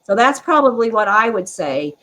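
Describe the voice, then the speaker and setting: A middle-aged woman, chatting as a podcast guest, strong-willed and quick to laugh. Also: a little high, sing-song, sharp tone, rough recording. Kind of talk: casual interview chat.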